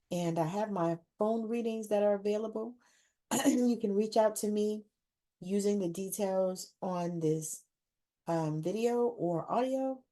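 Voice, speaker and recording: A woman's voice: on the low side, vocal fry, mellow. A woman hosting a podcast, effusive and laughing often, repeating words for emphasis. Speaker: podcast host. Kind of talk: casual interview wrap-up.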